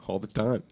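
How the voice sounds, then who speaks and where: A man's voice: medium pitch, dark tone. A young man co-hosting a podcast, chatting casually and asking playful, offbeat questions. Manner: playful, asks quirky questions. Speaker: podcast co-host. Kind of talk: casual chat.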